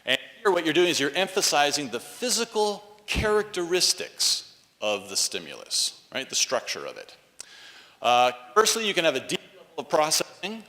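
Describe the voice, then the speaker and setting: A man giving a university lecture, checking in with "right?" and coaxing the audience to answer aloud. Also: medium pitch. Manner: animated, frequent "right?" tags, coaxes audience responses. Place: lecture hall. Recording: echoey lecture hall.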